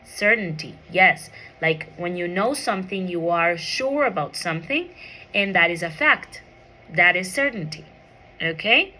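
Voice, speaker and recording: A woman's voice: fairly low pitch, animated, unhurried, pushed and bright. A woman teaching an English pronunciation micro lesson, asking the class questions and checking in with "okay?" after each point.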